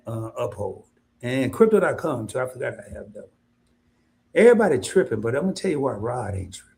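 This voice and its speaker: A man hosting an investing livestream in a casual, colloquial way, addressing viewers directly as "y'all". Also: darkish tone. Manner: mimics worried investors in high voice.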